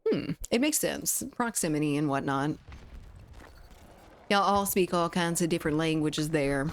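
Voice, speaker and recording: Young female streamer, lowish voice, chatty and giggly, close studio mic. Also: normal speed. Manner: chatty, giggly, reads chat aloud. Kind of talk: casual gaming livestream chat. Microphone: studio condenser mic.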